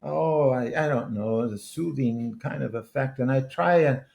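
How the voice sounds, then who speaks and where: A mellow, medium-pitched voice with vocal fry, delivered at a measured pace. It comes from an octogenarian Wisconsin author and former politician who, as a podcast guest, rambles earnestly through stories with many restarted sentences.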